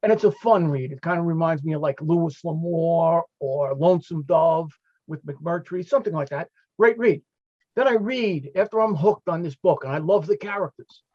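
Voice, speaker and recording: A fire captain speaking as a guest on a video call panel, paying heartfelt tribute to a late friend through stories. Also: male voice, high-pitched, expressive, normal speed, warm tone, no room sound, muffled recording. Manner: storytelling, heartfelt, quoting friends.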